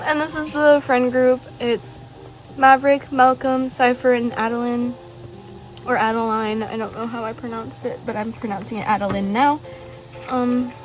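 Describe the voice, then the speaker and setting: In her bedroom at a desk, a teenage girl shows off her sketchbook, gushing in a casual chat full of fillers and rambling asides. Her voice is fairly high-pitched, captured in low quality by a phone hanging above the desk.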